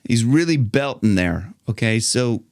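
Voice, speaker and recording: Playful American vocal coach, dry close mic. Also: male voice, expressive, a little slow, no echo. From Ohio, United States. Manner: playful, jokey, demonstrates lines in a high belt. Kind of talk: singing tutorial.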